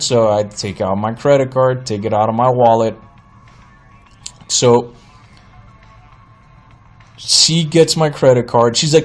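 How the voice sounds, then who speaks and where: A man in his thirties hosting a podcast, telling a comedic story in an exasperated, animated way and mimicking the people in it. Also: medium pitch, unhurried, long pauses, soft background music. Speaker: podcast host.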